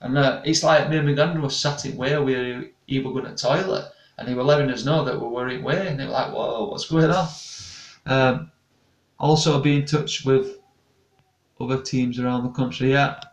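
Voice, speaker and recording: Young man, gravelly, rambling live chat, echoey room, distant mic. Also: mid-range voice, fairly even intonation, fairly quick. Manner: rambling, chatty, restarts often. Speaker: paranormal investigator and channel host. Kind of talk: casual live-stream chat reading comments.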